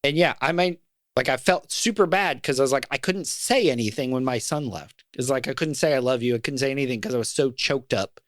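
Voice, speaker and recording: A man's voice: medium pitch, brisk, a bit bright, no echo, clean studio sound. A middle-aged man in casual podcast conversation, speaking in an earnest, reflective way. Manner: earnest and reflective, talks about fatherhood with feeling. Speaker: podcast co-host.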